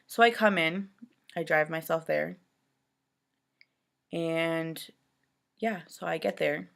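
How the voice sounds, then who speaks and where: A woman's voice: sits low, takes it slowly, gravelly, fairly bright tone. A woman from Canada, a new mother, rambling through an upsetting personal story in casual talk full of "like" and "you know". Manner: upset and exasperated retelling.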